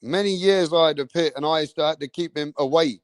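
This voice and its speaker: A man, hosting a live stream, telling rambling stories in an animated way, swearing often and tagging lines with "bruv". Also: on the high side, fairly quick, dry recording, clean studio sound. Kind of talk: rambling storytelling.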